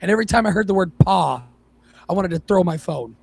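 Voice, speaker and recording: A man's voice: sits high, expressive, brisk, creaky, a little mellow, breathy edge, no echo. A man co-hosting a casual talk show, ranting and swearing freely while he mocks other people's voices. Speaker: podcast co-host. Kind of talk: casual profane chat.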